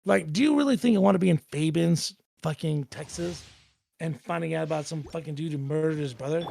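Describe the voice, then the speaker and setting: Male guest, gravelly voice, a bit high, profane rambling anecdotes, faint music under. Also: fairly quick, darkish tone, no echo. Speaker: tv reporter guest. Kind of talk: casual chat.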